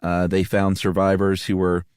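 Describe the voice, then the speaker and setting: A man co-hosting a podcast, explaining events in a steady, casual way with frequent "uh" fillers and dry asides. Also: sits low, moderate pace, clear, resonant tone, no echo. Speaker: podcast co-host. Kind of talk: casual conversational storytelling.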